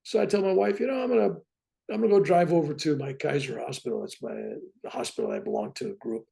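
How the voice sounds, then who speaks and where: A man in his seventies, a guest on a talk show, telling his own story in a lively way and often asking "right?". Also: mid-range voice, fast talker, gravelly. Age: 70s. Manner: lively, keeps tagging "right?" onto his points. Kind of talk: animated personal storytelling.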